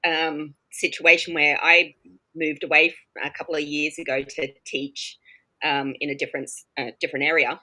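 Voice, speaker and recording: A woman chats casually, a teacher recounting a story with lively energy. Her voice sits a little low yet has a bright, forward edge. She slips into the voices of the people in her tale. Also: normal speed, poor audio. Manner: animated, acts out the other people in her stories.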